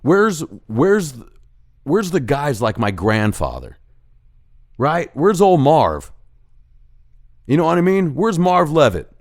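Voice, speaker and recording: A man's voice: on the high side, very animated, slow, long pauses. A man hosting a ranting monologue, profane and heated, acting out bits of dialogue as he goes. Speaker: host of a rant show.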